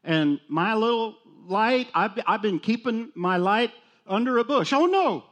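A man's voice: high-pitched, a little slow, a bit bright, lo-fi sound. A male pastor preaching a sermon in a conversational, self-deprecating way with jokes.

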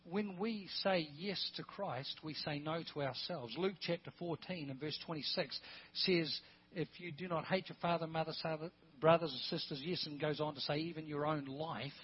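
High husky preacher man. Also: muffled recording. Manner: rising to loud emphatic peaks, asking the congregation questions. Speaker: guest preacher. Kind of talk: sermon.

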